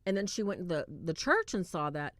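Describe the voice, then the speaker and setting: A woman hosting a livestream, retelling a film in a casual, animated way and acting out quoted lines. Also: fairly low pitch, brisk, no echo. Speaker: livestream host reviewing a film.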